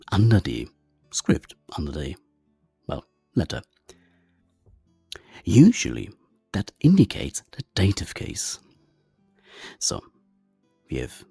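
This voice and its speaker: Slow, gravelly deep-voiced man teaching. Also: dark tone, no echo. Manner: methodical, spells out letters and sounds. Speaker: language teacher. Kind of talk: explanatory lesson.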